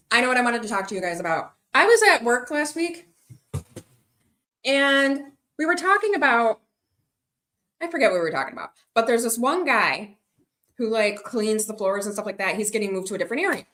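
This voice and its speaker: A woman's voice: fairly high pitch, lively intonation, normal speed, long pauses, bright, forceful tone. A woman livestreaming to her viewers, chatting casually and rambling between stories and replies to comments. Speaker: livestreaming vlogger. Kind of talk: casual live-stream chat.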